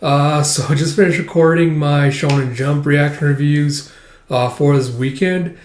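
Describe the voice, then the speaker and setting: A man's voice: a little high, fairly even intonation, unhurried, slight background noise. A man hosting a channel, walking through manga pages panel by panel in a casual, rambling read-through. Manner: shouts out character lines in a raised voice. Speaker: manga reviewer and channel host. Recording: echoey room.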